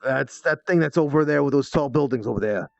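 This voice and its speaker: A man's voice: medium pitch, brisk, creaky, a little mellow, no echo, lo-fi sound, natural voice. A man voicing a brusque male food truck vendor with a put-on New York accent, calling out to customers in a role-play game. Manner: brusque, repeats "listen" and "kid".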